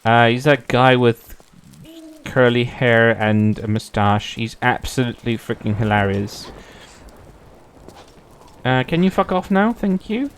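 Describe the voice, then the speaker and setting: A man's voice: medium pitch, expressive, measured pace, long pauses, slight background noise. A young man streaming a game, chatting casually, playful and swearing freely. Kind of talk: casual gameplay commentary.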